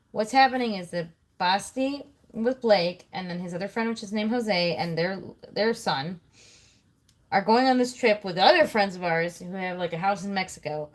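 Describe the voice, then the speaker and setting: A woman in her thirties hosting a casual livestream from home, rambling and swearing freely while she works at her computer. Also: medium pitch. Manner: chatty, swears freely, thinks aloud. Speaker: livestream host.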